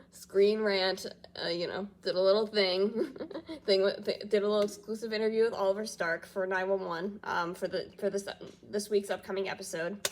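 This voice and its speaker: A woman hosting a reaction channel, chatting casually at home, rambling with lots of fillers and restarts. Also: medium pitch. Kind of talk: rambling casual chat to camera. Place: small echoey room at home. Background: faint household noise, dog in background.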